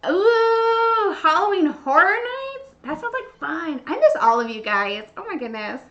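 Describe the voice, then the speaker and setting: A woman hosting a baking livestream, chatting casually and gushing with excitement. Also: very high voice, measured pace. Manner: bubbly, gushing, squealing with excitement. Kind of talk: casual live-stream chat while baking. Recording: dull lo-fi stream audio.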